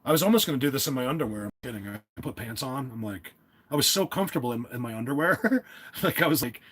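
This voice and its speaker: A man with a New Jersey accent hosts a live stream from his phone at a desk, emphatic and quick to yell. His husky voice swings widely in pitch as he stumbles over restarts. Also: expressive. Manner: emphatic, yells, stammering restarts. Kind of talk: excited live-stream talk.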